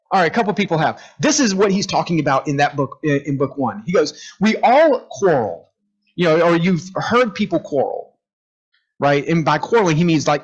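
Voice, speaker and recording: A man leading a group class in a conversational lecture, animated, asking the room questions and acting out quotes. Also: fairly high pitch, slightly rough. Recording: dull lo-fi room recording.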